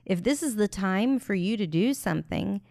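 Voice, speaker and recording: A woman's voice: medium pitch, expressive, normal speed, vocal fry, darkish tone, dry recording, studio quality. A woman co-hosting a podcast, giving earnest and encouraging advice in casual chat. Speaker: podcast co-host.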